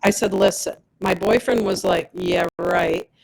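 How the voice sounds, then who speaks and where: A woman's voice: mid-range voice, measured pace, vocal fry, crowd noise, low-quality recording. A woman giving a personal testimonial as a product rep, telling her story with animation and acting out the dialogue of others.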